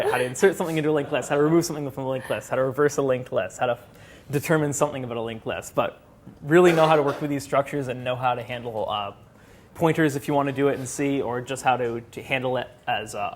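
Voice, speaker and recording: A young man gives a casual seminar talk, with a voice of ordinary, middling pitch for a man. He keeps it chatty and loose, dropping fillers and breaking into laughs at his own jokes. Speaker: student presenter.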